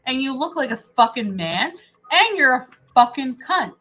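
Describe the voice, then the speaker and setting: A woman's voice: sits high, big pitch swings, normal speed, rough recording. Woman hurling profane insults. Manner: vulgar, shouting insults.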